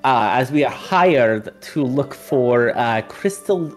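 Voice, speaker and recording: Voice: mid-range voice, animated, takes it slowly, soft background music. A player voicing an earnest adventurer with ears who speaks in broken grammar and names themself in the third person. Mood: polite.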